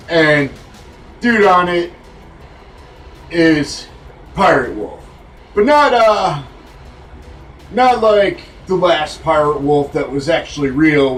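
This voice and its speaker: Slow, rambling male storyteller. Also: fairly high pitch, recorded from a distance, rough recording. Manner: rambling, profane, full of "you know". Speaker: vlogger telling a story.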